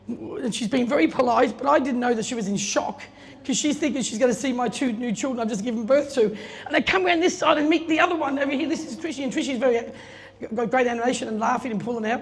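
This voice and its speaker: Brisk, chatty woman in her middle years telling anecdotes aloud, recorded in a reverberant hall. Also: on the high side. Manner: chatty, laughing, acts out quoted voices. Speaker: guest speaker telling a story at an opening. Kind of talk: casual anecdotal speech. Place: event space. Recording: long reverb, faint room noise.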